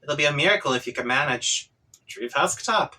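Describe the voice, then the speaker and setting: A man's voice: medium pitch, lively intonation, a little fast, bright, forceful tone, rough recording. A man reading a webcomic aloud in a casual, wry way with offhand asides. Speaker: webcomic reader.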